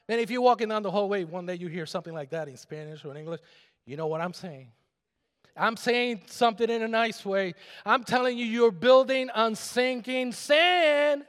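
A middle-aged man preaches in a big church sanctuary. His voice sits very high and rings bright and forceful, and the long hall reverb trails after each line. He swings between loud shouted points and hushed asides, pulling the congregation in to answer him. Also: normal speed. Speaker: pastor. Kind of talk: sermon.

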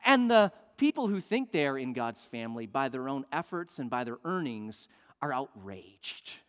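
A male pastor preaching a sermon, emphatic, swinging between loud declarations and hushed asides. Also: medium pitch, big pitch swings, moderate pace. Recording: long reverb of a large hall.

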